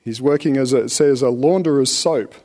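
A man preaching a relaxed, conversational sermon, with rhetorical questions and chuckles. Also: medium pitch, moderate pace. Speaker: pastor.

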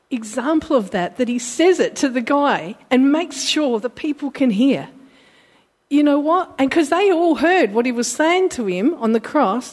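A woman's voice: on the high side, a little mellow. A woman giving an informal, heartfelt sermon from Britain or Australia, often restarting her sentences and voicing the people she quotes. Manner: emotional, earnest, acts out quoted voices, rambling restarts. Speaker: preacher.

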